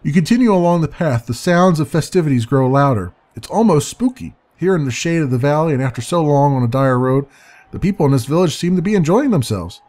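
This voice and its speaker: A man's voice: on the high side, lively intonation, fairly quick, darkish tone. A man reading a text adventure aloud and musing over his choices, hesitant and chuckling now and then. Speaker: let's play narrator.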